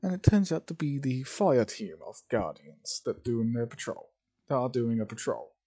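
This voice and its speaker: A man narrating an improvised fan story, halting often and correcting himself as he goes. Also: medium pitch, big pitch swings, dark tone, slightly rough. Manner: halting, with many fillers and self-corrections.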